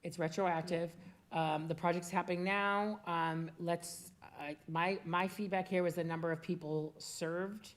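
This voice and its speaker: A woman's voice: lowish voice, steady tone, unhurried. A woman with a Boston accent chairing a council meeting, talking casually and businesslike with fillers. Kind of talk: public meeting discussion.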